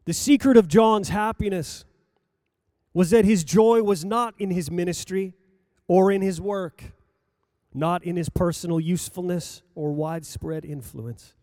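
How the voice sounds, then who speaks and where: A man preaching a sermon, reading scripture aloud in a slow, measured delivery that rises for emphasis and drops low at the ends of phrases. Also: dark tone, dry recording, clean studio sound.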